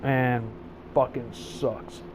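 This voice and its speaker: A man's voice: mid-range voice, level tone, drawn-out words, darkish tone, a little hiss or hum. A man hosting a gaming channel, ranting angrily and swearing heavily. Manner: profane, angry, swearing heavily. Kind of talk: angry rant over gameplay.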